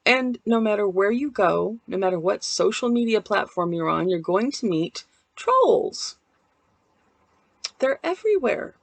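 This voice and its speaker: A woman in her forties talks to her viewers in a casual home vlog, recorded on a laptop mic. She rambles in a candid, self-deprecating way, and her voice sits a little high. The sound is dry and close, with no room echo. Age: 40s. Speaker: vlogger.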